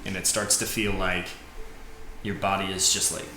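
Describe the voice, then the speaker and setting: A man narrating a tabletop game as game master, halting and rambling with many fillers. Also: deep voice, little pitch movement, over music. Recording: echoey room with background noise.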